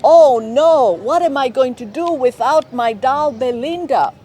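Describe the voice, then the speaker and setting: A woman's voice: high-pitched, animated, a little slow, a little mellow. A woman voicing a tearful little girl pleading about her lost doll. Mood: distressed.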